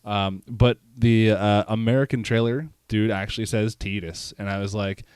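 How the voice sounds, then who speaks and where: A man's voice: fairly low pitch, steady tone, normal speed, a little mellow, clear, resonant tone, no room sound. A man co-hosting a podcast, chatting casually in a laid-back, joking way with casual swearing. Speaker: podcast co-host. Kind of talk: casual chat.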